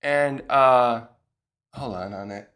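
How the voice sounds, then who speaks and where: A man's voice: medium pitch, slow pace, fairly bright tone. A man casually recapping a comic chapter, rambling with many fillers and restarts and briefly acting out the characters' lines. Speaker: manga reviewer.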